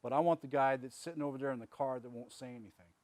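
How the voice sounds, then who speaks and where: A man's voice: mid-range voice, quick pace, darkish tone, no echo. A man telling his own story as a veteran, in a blunt, plain-spoken way with many fillers. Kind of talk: candid personal testimony.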